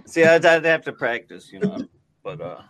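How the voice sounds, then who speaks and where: A man hosting a podcast in casual chat, laughing easily and talking in a halting, hesitant way. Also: a little high, big pitch swings, fairly bright tone, dry recording. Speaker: podcast host.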